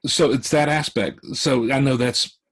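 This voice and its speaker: A man talks through his ideas on an online panel, circling and restarting with lots of fillers as he thinks aloud. His voice sits at a middle pitch, and the sound is a plain video-call recording. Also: steady tone, measured pace, fairly bright tone, husky. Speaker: author on a panel. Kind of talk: casual panel discussion.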